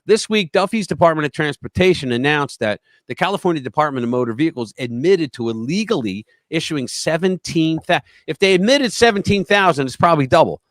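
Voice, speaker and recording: Animated, mocking male news-show host. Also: fairly high pitch, a little fast, few pauses, no echo, studio quality. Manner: animated, mocking, tells anecdotes. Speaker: host of a conservative news livestream. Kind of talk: opinionated news commentary.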